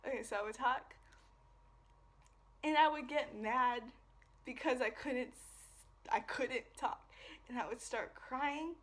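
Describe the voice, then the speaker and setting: Young woman vlogger, fairly high voice, rambling casual storytime full of swearing and fillers. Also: measured pace, pauses often, fairly bright tone. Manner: rambling, profane, lots of fillers. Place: away from home.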